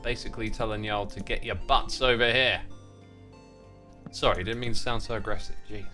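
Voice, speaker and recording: A man with a bright, clear voice chats casually while he plays a game on a live stream. He reads viewer messages aloud and thanks supporters between thoughts. Soft music runs quietly behind him. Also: fairly low pitch, fairly even intonation, normal speed. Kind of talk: casual livestream chat while playing.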